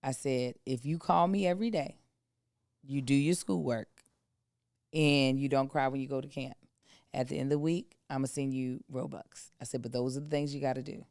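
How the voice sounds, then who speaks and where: A woman in her thirties tells a family story on a podcast in casual chat, slipping into other people's voices as she goes. Her voice sits low and comes through smooth and clean. The sound is close and dry. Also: steady tone, moderate pace, darkish tone, dry recording. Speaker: podcast co-host.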